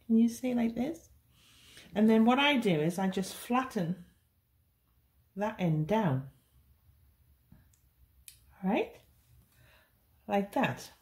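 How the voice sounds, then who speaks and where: A woman's voice: on the high side, animated, slow pace, pauses often, darkish tone. A woman teaching a beginners' cake decorating tutorial, chatty and reassuring. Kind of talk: hands-on baking tutorial.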